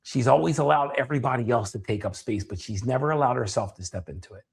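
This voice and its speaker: A man's voice: mid-range voice, fast, vocal fry. A man, a coach hosting his own show, telling a story in a casual, earnest way with frequent restarts and the odd swear word. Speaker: coach and podcast host.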